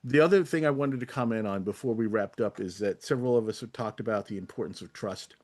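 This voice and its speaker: A man's voice: lowish voice, quick pace, a little mellow. A man on an online group discussion, making thoughtful points and using playful examples to illustrate them. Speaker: panel participant.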